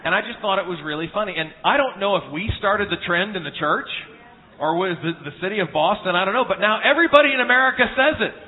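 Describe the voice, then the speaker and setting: A man preaches at a church conference, earnest and funny, telling homespun stories in a sermon full of restarts. His voice sits high with lively intonation and a fast pace, sounding tinny and phone-like in a reverberant hall.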